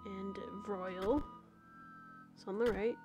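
A woman's voice: mid-range voice, fairly even intonation, slow, lo-fi sound, over music. A young woman live-streaming a game, giggling often, rambling, and reading the game text aloud.

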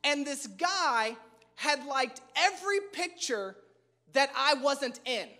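A male pastor preaching a humorous, storytelling sermon to a live church congregation, animated and self-mocking, with emphatic repetition. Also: very high voice, slow pace.

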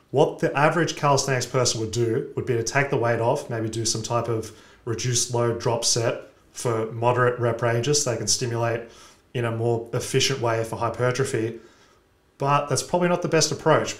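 Measured man explaining training, roomy echo. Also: medium pitch. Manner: measured, methodical coaching explanation. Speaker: podcast host. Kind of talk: explanatory podcast talk.

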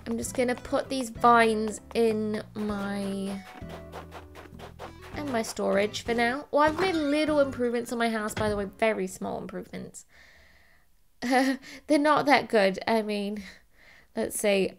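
A woman's voice: on the high side, unhurried, faint music behind. A woman giving rambling, chatty, self-deprecating commentary while playing a video game. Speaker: let's play host. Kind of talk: casual gameplay commentary.

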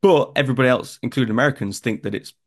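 A young man from northern England with a Northern English accent, an actor chatting in an interview and telling stories in a lively way. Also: medium pitch, very fast. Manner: chatty, animated storytelling. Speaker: actor guest. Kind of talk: casual interview chat.

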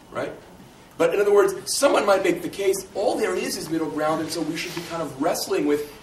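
A man giving a lecture and answering audience questions, thinking aloud in a conversational way and often checking in with "right?". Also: fairly high pitch. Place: lecture room. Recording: echoey room, distant mic, faint hiss.

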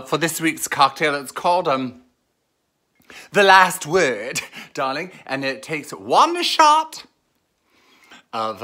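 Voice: medium pitch, pushed and bright. A campy, theatrical host leads a casual cocktail tutorial from a home kitchen, calling listeners darling and angels.

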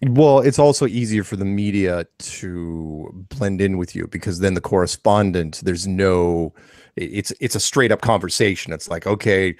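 Deep gravelly guy rambling on a podcast, dry close mic, lots of restarts. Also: normal speed, darkish tone, no echo. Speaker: podcast co-host. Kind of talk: casual chat.

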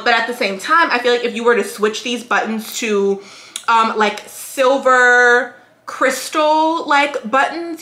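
A young woman chatting casually as a fashion vlogger, animated and full of fillers, showing off clothes she bought. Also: on the high side. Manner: chatty, animated, lots of "like" and "girl". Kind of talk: casual haul chat. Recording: echoey room.

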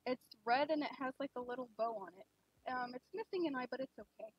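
A young woman streaming a game, chatting casually and rambling with lots of fillers, gushing excitedly at times. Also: high voice, fast talker, slight background noise. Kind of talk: casual live-stream chat. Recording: dull lo-fi stream mic.

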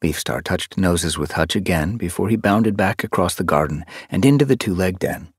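A man narrating an animal adventure audiobook in an expressive, storytelling manner. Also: low voice, normal speed, slightly rough, no echo, studio quality. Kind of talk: scripted narration. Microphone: close studio mic.

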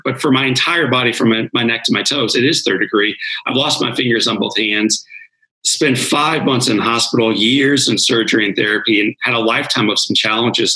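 A man's voice: medium pitch, sharp tone, rough recording. A man, a guest speaker on a podcast interview, telling his life story in an earnest, dramatic way.

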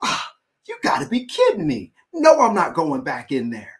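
An indignant, bitter elder son, as a preacher acts him out, his voice pitched high and climbing into outbursts. He sounds wronged and refuses to give way. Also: huge pitch swings, normal speed, a bit bright, heavily acted. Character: angry resentful elder son, young man.

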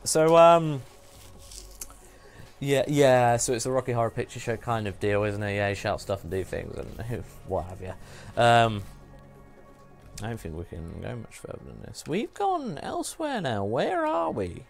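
A man's voice: lowish voice, normal speed, creaky, faint music behind. A man hosting a live game stream, rambling through a story with frequent laughs and self-deprecating asides. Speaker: streamer host. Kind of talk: casual live-stream chat while gaming.

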